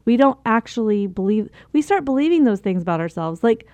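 A woman's voice: on the high side, animated, brisk, hardly any pauses, dark tone, no room sound, muffled recording. Chatty woman giving homework-style self-help advice. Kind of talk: casual motivational talk.

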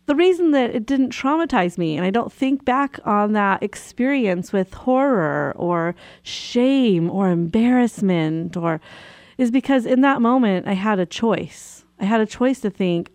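A woman's voice: mid-range voice, a little slow, dry recording. A woman radio host and therapist telling a personal story in a casual way, laughing often as she talks. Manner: laughs often while telling stories, animated. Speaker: radio show host and marriage and family therapist.

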